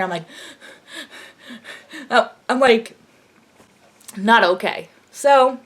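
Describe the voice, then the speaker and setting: A young woman vlogger telling an excited story in a gushing, breathless way, full of fillers. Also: a little high.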